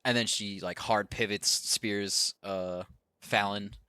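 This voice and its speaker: A man's voice: fairly low pitch, fairly even intonation, slow, bright, forceful tone, clear, resonant tone, no room sound, studio quality. A man hosting a casual podcast, chatting loosely and swearing freely, often acting out what others said. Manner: rambling, loose, swears freely, acts out quotes. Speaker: podcast host. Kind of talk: casual chat recapping wrestling.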